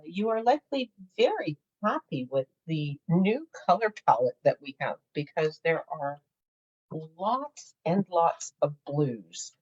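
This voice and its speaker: A middle-aged woman demonstrating a craft project in casual chat, laughing often and filling pauses with "uh.". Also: low-pitched, a little mellow, breathy edge, muffled recording. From Canada. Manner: chatty, laughs often, many fillers. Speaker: craft instructor.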